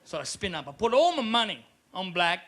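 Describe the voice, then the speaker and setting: Bright-voiced stand-up comedian. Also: male voice, sits high, fairly quick, slight background noise. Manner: animated, shouting bits in character. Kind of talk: live stand-up routine.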